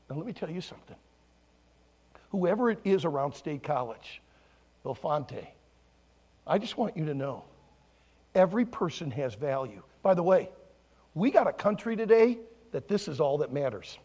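A male pastor preaching a sermon in a church, telling a story with great animation, acting out voices, and swinging from soft hushes to loud exclamations. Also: on the high side, lively intonation, normal speed, breathy edge. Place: church sanctuary.

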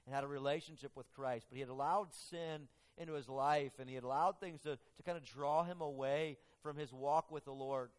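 A man preaching a sermon and telling a story, earnest and halting, often restarting his phrases. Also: medium pitch.

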